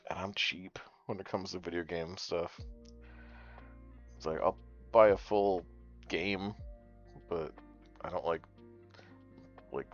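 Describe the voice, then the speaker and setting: A man streaming a card game, chatting casually with his viewers in a rambling way and swearing freely. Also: sits low. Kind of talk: casual gaming commentary. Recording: dull lo-fi stream audio with faint music.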